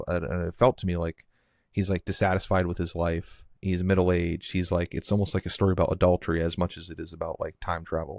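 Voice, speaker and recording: A man with a very deep voice hosts a casual movie podcast, thinking out loud in long, meandering sentences full of fillers and restarts. His voice sits close and dry, with no room sound around it. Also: vocal fry, no echo. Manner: rambling, heavy use of "like" and restarts. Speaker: podcast host.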